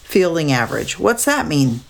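A woman voicing a gentle deaf father. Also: low voice, sing-song. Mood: earnest. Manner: simple, halting questions. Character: gentle deaf father, adult man, eager baseball fan.

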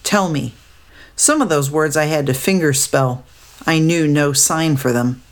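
Slow, low-voiced woman reading a story. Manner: steady, descriptive storytelling. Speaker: narrator. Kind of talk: storybook read aloud.

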